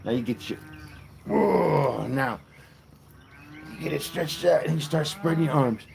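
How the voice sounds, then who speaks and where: A man's voice: on the high side, unhurried, gravelly, darkish tone, a little hiss or hum. A man hosting a casual livestream, chatting playfully and telling a long joke. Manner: playful storyteller. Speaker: livestream host.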